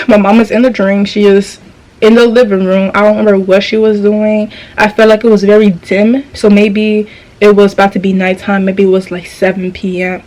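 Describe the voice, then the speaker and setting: A woman's voice: medium pitch, a little mellow, low-quality recording. A young woman vlogger telling a dream story in a casual, slangy, profane way, often restarting her sentences.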